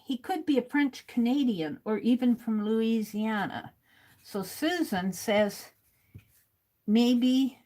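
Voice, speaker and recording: A woman hosting a livestream, reading viewers' comments aloud and chatting casually while she writes. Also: fairly high pitch. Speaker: livestream host.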